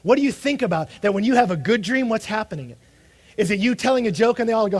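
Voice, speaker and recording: High-voiced animated male preacher. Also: fast. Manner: animated, acts out quoted voices. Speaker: pastor. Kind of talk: sermon.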